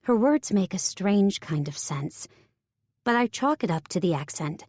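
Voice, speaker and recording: A woman's voice: fairly low pitch, animated, unhurried, darkish tone, breathy edge, no echo, clean studio sound. A female narrator reading first-person romance narration with a wry, self-mocking tone. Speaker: audiobook narrator.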